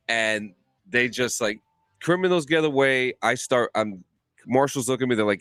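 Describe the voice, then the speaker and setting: A man on a podcast telling a long gaming story in a casual, profane, animated way with many restarts. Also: medium pitch, moderate pace, smooth, no room sound, studio quality. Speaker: podcast co-host.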